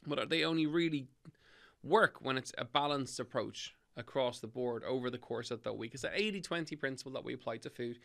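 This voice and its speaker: A man's voice: mid-range voice, fairly quick, creaky, fairly bright tone. An Irish man hosting a health podcast, giving direct, motivational fitness tips in an upbeat coaching manner. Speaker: podcast host and fitness trainer.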